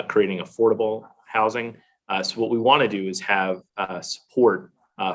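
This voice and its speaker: A man testifying as a government official at a hearing over a video call, answering questions in a halting way with frequent fillers. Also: low voice, a bit bright.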